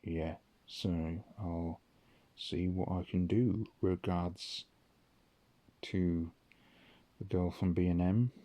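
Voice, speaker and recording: A man's voice: sits low, fairly even intonation, slow pace, long pauses, warm tone, no room sound. A man telling stories in a rambling late-night audio log, full of ums and casual swearing. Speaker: vlogger.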